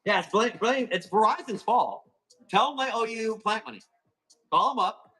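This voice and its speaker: A man hosting a live plant auction stream, chatting casually and calling quick countdowns, with a casual swear here and there. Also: sits high, bright, forceful tone, slightly rough, poor audio. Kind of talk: livestream sales chat.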